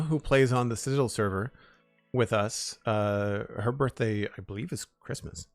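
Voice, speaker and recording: Man, casual live-stream chat, friendly and talkative, middle pitch, soft music behind. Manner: friendly, chatty, thanks supporters by name. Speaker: streamer building Lego.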